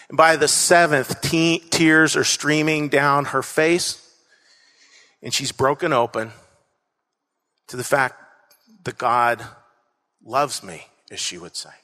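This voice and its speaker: A man's voice: fairly high pitch, takes it slowly, long pauses, pushed and bright. A man preaching a sermon to a congregation, earnest, repeating key phrases and leading the crowd in call-and-response. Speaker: pastor. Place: church stage before a congregation. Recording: echoey church hall.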